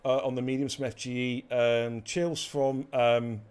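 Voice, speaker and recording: A man's voice: mid-range voice, measured pace, clear, resonant tone. A man hosting a live esports racing stream, joking, swearing and bantering while commentating. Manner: jokey, swears freely, energetic.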